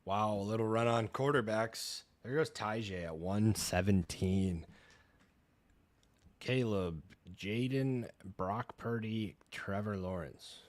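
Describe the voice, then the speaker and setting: A man's voice: fairly low pitch, slow pace, dry recording. A man co-hosting a live fantasy football draft stream, chatting casually with dry, laid-back one-word replies. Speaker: podcast co-host.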